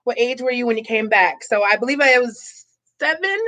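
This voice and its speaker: A woman's voice: fairly high pitch, normal speed, sharp tone. A woman who was born in Boston and raised in Tampa, Florida, chatting casually in her living room by the fire on a live stream. She reads viewer comments aloud, laughs often and talks with lots of fillers.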